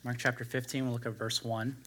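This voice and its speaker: A man's voice: mid-range voice, level tone, brisk, a bit bright, slight background noise. A man preaching, introducing his text and reading a long scripture passage aloud in old-fashioned wording, raising his voice for the quoted cries. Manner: reads the King James text aloud, rising for quoted cries.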